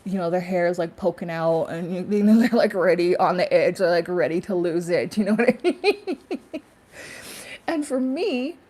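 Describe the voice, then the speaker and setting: A woman's voice: lowish voice, lively intonation, normal speed, dark tone. A woman talking casually in a spiritual vlog, rambling with many fillers and laughing to herself. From Canada. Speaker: spiritual YouTuber.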